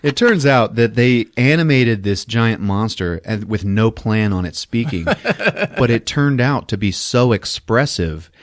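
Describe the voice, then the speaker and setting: A man's voice: fairly low pitch, unhurried, no room sound. Podcast guy laughing thru a movie recap, swoopy voice, takes his time. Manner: laughing, lively storytelling. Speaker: podcast host.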